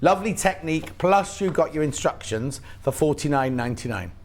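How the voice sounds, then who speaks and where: A man's voice: on the high side, lively intonation, slight background noise. Chatty British man selling on TV. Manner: chatty, quick asides, lists products eagerly. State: has hiccups. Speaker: shopping channel presenter. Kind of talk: live TV sales chat.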